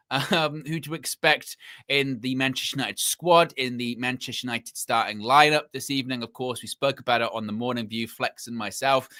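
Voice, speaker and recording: A man's voice: medium pitch, bright, forceful tone. A man hosting a live football fan show, chatting casually with sarcastic asides. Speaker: host.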